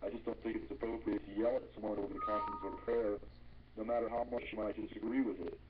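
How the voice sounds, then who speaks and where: A man on a radio interview, calmly and deliberately telling a personal story. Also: lowish voice. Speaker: radio guest. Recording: muffled radio audio with faint hiss.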